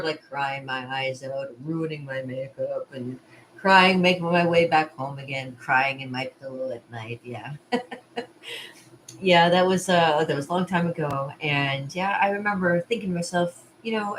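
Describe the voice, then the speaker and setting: A woman's voice: low voice, unhurried, a little hiss or hum, poor audio. A woman hosting a casual vlog from her art studio, chatting in a rambling way with frequent laughs and asides. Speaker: party artist and vlog host.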